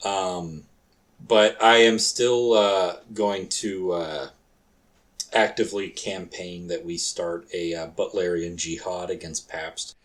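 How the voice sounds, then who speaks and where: A man's voice: deep voice, fairly even intonation, slow. A man co-hosting a podcast in casual chat, crude and joking, swearing freely. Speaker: podcast co-host and storyteller.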